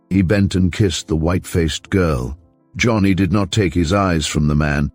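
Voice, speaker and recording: A male audiobook narrator with a very deep voice, telling the story in a measured, steady way. Soft music plays faintly underneath. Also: dry recording.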